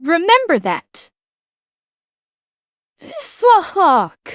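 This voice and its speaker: Excitable high-voiced woman streamer. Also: very slow, no echo, muffled recording. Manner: excitable, swears freely, many restarts. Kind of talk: casual reaction chat.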